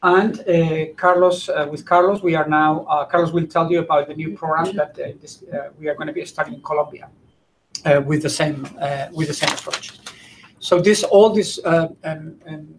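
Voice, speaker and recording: A man with a slightly raised voice presents to a conference audience. He speaks haltingly and often stops mid-sentence to search for the right word. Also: a little high, fairly even intonation, a little hiss or hum, rough recording.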